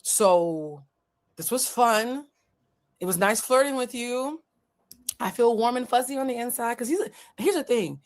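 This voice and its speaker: A woman hosting a livestream, telling a dating story in a casual, blunt and profane way, and acting out the dialogue with big jumps in pitch. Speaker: host of a livestream, emotional intelligence coach. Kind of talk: casual storytelling to a live audience.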